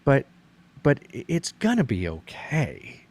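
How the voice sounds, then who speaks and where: A man's voice: mid-range voice, wildly swooping pitch, a little slow, a little mellow, husky. A middle-aged man in casual conversation, earnestly explaining a point with many restarts.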